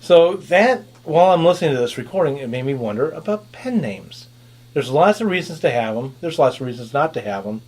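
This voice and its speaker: Guy hosting a chatty author panel, lively, a bit sarcastic. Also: fairly high pitch, a little fast. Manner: animated, sarcastic asides. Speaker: podcast host and producer. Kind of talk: casual panel chat.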